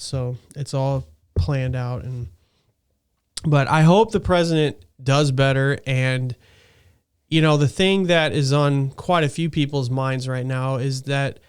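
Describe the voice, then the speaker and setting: A man's voice: mid-range voice, smooth. A man in his thirties hosting a casual podcast, chatting in a rambling way and laughing easily. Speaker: podcast host.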